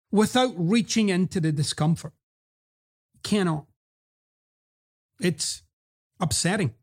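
Gravelly Scottish-American man, blunt and profane. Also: sits high. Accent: Scottish mixed with American. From Scotland. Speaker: podcast host. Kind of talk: motivational monologue.

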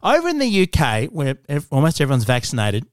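A man's voice: on the high side, huge pitch swings, fast talker, no echo. A man hosting a comedy podcast, dry and teasing as he chats. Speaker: podcast host. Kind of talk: casual comedic chat.

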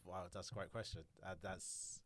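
A man in his thirties with an Essex accent, chatting as a podcast guest. His voice sits low, and he tells his stories with lively acted-out quotes. The room sound is dry and close. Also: normal speed, no room sound. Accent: Essex English. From Essex, England. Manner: animated storytelling with acted quotes. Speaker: guest comedian. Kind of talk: casual podcast chat.

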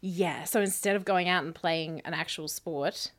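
A woman's voice: lowish voice, moderate pace. A woman, co-hosting a podcast and telling childhood stories in a casual, chatty way. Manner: chatty storytelling, laughs often. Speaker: podcast co-host. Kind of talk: casual chat.

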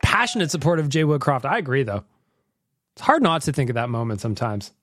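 A man's voice: medium pitch, big pitch swings, fast talker, fairly bright tone, no room sound, clean studio sound. A man hosting a casual podcast, chatty and rambling, joking as he plays listener voicemails. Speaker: podcast host. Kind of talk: casual chat.

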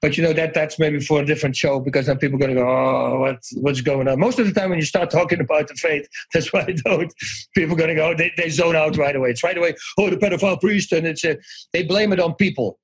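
A man telling personal stories as an interview guest, animated and acting out the voices of people he quotes. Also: a little high, fast, slightly rough, poor audio. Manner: animated, acts out quoted voices, restarts often. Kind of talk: conversational storytelling.

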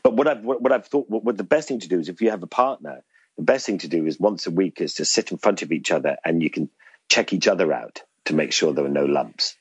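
A man's voice: low voice, animated, quick pace, slightly rough, no echo, dull audio. A middle-aged man telling a rambling, self-deprecating story in an interview, laughing often. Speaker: interview guest. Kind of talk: casual anecdotal storytelling.

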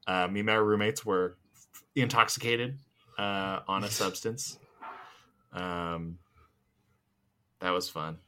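A young man co-hosting a podcast in casual chat, telling a story in an animated, blunt way and cursing freely. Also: deep voice, takes it slowly, pauses often, a little hiss or hum. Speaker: podcast co-host.

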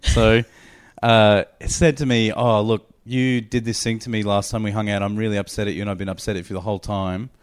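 A man's voice: fairly low pitch, flat delivery, brisk, clear, resonant tone. Male podcast host, rambling anecdotal delivery, frequent laughter. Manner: rambling storyteller, laughing often. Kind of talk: casual comedy chat.

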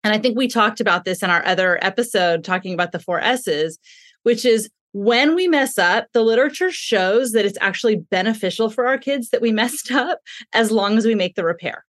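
A woman explaining parenting ideas in a calm, thoughtful way in a podcast conversation. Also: mid-range voice, brisk, no room sound, studio quality. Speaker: parenting expert guest.

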